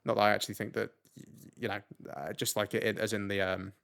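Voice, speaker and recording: Low-voiced man muttering through a game. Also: little pitch movement, fast, vocal fry, fairly bright tone. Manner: mutters moves to himself, upbeat, swears now and then. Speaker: let's play host. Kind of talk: casual gameplay commentary.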